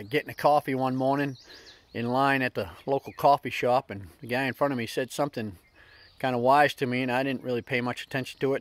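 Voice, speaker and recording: A middle-aged man hosting a casual motivational vlog, telling stories in a plainspoken, folksy way. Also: mid-range voice. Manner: plainspoken storytelling with folksy slips. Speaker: vlog host.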